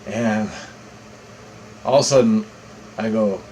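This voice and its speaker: Man, mid-pitched voice, loose rambling storyteller, swears a lot. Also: fairly even intonation, moderate pace, pauses often, darkish tone, slight background noise, low-quality recording. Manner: rambling, repetitive, profane. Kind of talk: casual first-person storytelling.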